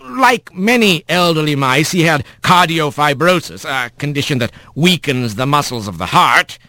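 A man voicing an older, gravelly-voiced male bird doctor who speaks in a measured, gruff, matter-of-fact way. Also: a little high, lively intonation, bright, forceful tone, no echo.

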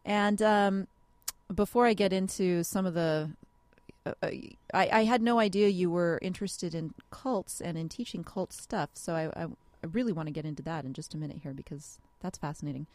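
A woman guest-hosting a radio interview, chatty and quick to laugh. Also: fairly low pitch, a little mellow, dry recording.

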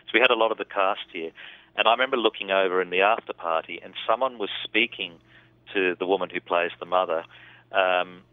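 A man's voice: sits low, a little fast, no echo. A man, a film director, talking about his film in a casual interview, thoughtful and rambling with restarts. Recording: tinny phone line.

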